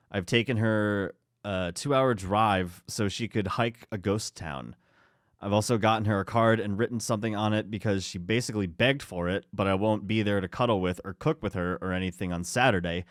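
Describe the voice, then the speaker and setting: A man's voice: on the low side, no room sound, studio quality. A young man co-hosting a podcast, reading stories aloud between casual chat, swearing and joking at his own slips.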